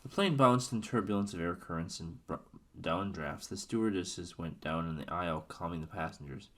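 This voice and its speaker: A man's voice: low-pitched, moderate pace, a bit bright. A man reading a book aloud casually, now and then stumbling and correcting himself. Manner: stumbles and self-corrects, offhand asides. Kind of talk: casual read-aloud narration.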